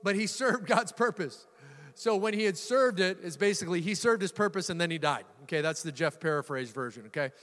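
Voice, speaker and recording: A man's voice: sits high, fairly quick, long reverb tail. A middle-aged male pastor preaching a sermon, telling stories with humor and sudden bursts of emphasis. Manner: lively storytelling with laughs and bursts of emphasis.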